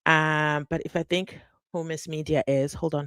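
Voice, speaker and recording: Woman, livestream host, lower voice, chatty and animated, dry close mic. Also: normal speed, smooth, no echo. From South Africa. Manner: chatty, animated, reads comments aloud. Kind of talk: casual live commentary.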